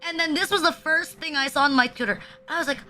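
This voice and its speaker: A woman's voice: high voice, fast, bright, forceful tone, faint music behind. A young woman streaming from home, chatting casually in a crude, rambling way full of fillers, often laughing. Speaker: VTuber streamer. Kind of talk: casual live-stream chat.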